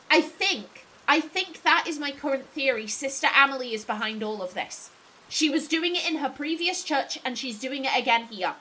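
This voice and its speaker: A woman's voice: high voice, animated, moderate pace, bright, forceful tone. A young English woman casually commentating as she plays a video game, chatty and full of theories. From England. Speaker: let's play streamer.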